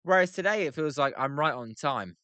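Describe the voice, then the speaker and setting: This chatty British man has a bright, clear, fairly high voice and talks expressively at a fairly quick clip with no room sound. He's a livestream host reacting to a baseball game, reading chat, bantering with viewers, and playing with pronunciations in casual commentary.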